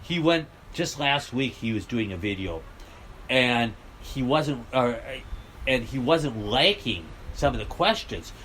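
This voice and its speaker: A man's voice: mid-range voice, expressive, a little slow, fairly bright tone, slight background noise. An older American man vlogging outdoors, talking bluntly and joking as he rambles. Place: outdoors near a road.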